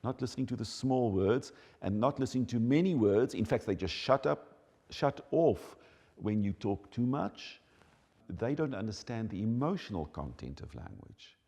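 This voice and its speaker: A man's voice: mid-range voice, moderate pace, breathy edge. A man explaining child development in an emphatic, teaching manner. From South Africa. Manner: animated, emphatic teaching delivery. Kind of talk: explanatory talk. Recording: long hall reverb.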